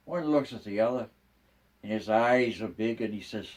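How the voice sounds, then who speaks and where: An older man, a grandfather, telling jokes in an unhurried, folksy storytelling way. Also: on the low side, recorded from a distance. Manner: unhurried, folksy joke delivery.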